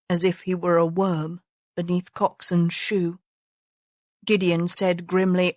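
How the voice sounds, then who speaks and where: Slow, measured woman narrating a novel. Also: on the low side, no room sound. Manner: measured, even storytelling. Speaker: audiobook narrator. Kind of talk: scripted narration.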